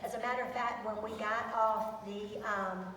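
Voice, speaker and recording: A woman's voice: medium pitch, steady tone, normal speed, noisy background. A woman teacher presenting to students, chatty and enthusiastic, with many ums. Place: large echoey school hall. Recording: echoey hall from far off.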